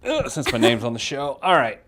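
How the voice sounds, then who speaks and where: A man's voice: mid-range voice, big pitch swings, fairly quick, noisy background. A man in his thirties hosting a casual financial advice radio show, self-deprecating, reading listener letters aloud.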